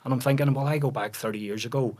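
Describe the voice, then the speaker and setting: A man in his forties with a Northern Irish accent, a podcast guest telling relaxed stories in casual chat, often restarting his sentences around fillers. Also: mid-range voice, fast talker. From Northern Ireland.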